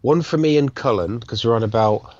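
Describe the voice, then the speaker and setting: A man's voice: medium pitch, moderate pace, a little mellow, muffled recording, slight background noise. A man co-hosting a casual podcast, chattily reading listener messages aloud. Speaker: podcast co-host. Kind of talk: casual chat.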